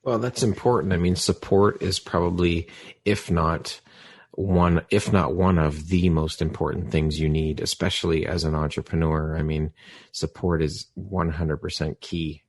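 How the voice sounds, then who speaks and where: Man, very deep voice, husky, podcast host, encouraging, dry close sound. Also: steady tone, a little slow, no room sound. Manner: encouraging, affirming responses. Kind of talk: casual interview chat.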